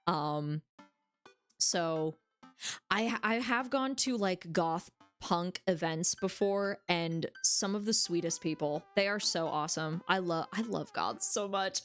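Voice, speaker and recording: A woman's voice: fairly low pitch, animated, moderate pace. A young woman streamer giving casual, joking game commentary, giggling often and swearing freely, over faint music.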